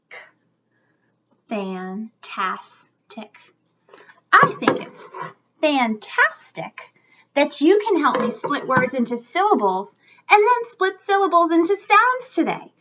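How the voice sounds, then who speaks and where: A woman teaching young children a phonics lesson, sounding out words slowly and encouragingly. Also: sits high, bright, forceful tone, muffled recording.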